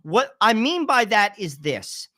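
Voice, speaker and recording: A man co-hosting a political talk show, explaining his views in a deliberate, lecturing way. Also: high voice, big pitch swings, pushed and bright, no echo, studio quality. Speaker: co-host.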